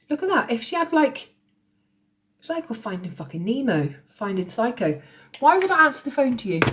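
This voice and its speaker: A woman in her late thirties, ranting on a livestream in a confrontational, sweary, sarcastic way. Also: medium pitch. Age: late 30s. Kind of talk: heated livestream rant. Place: at home, recording on TikTok Live.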